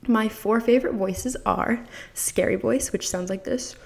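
A woman's voice: fairly high pitch, moderate pace, a little mellow. A woman hosting a podcast who gives parents enthusiastic, encouraging advice and speaks straight to the listener. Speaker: podcast host.

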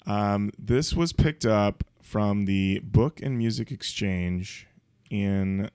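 A man co-hosting a music podcast, casually describing an album in a dry, deadpan way. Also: fairly low pitch, slow, clear, resonant tone, no room sound. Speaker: podcast co-host. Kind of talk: casual chat.

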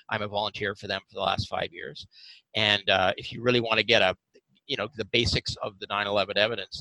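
A man's voice: on the low side, creaky, bright, forceful tone, no room sound, rough recording. A male podcast guest speaking earnestly and carefully, sometimes hesitating as he explains. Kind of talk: casual interview talk.

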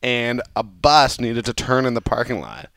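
A man from Canada joins a podcast as a guest and chats casually, laughing often and poking fun at himself. His voice sits at a middle pitch. The recording is dry. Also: expressive, moderate pace, gravelly, a bit bright, no echo. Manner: self-deprecating, laughs often.

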